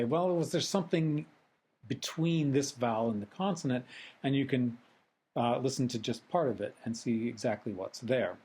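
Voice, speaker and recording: A man teaching a recorded software tutorial lecture, methodical and explanatory with frequent ums. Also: medium pitch, husky, rough recording. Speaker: instructor.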